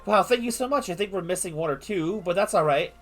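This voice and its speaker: A man's voice: sits high, animated, a bit bright, soft background music. A man reading the lines of an earnest, somewhat nervous young male suitor from a game. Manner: earnest, halting read of game dialogue.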